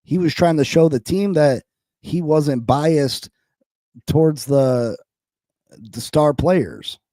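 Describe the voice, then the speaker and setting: Male sports podcast host, mellow dark voice, dry close sound, heated and incredulous, repeats himself for emphasis. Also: a little high, takes it slowly, dry recording.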